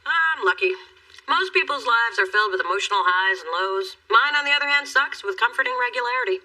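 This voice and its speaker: A woman's voice: a little high, animated, brisk, pushed and bright, recorded from a distance, full character voice. An actress playing a wry, self-mocking young woman in a sitcom. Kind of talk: sitcom acting.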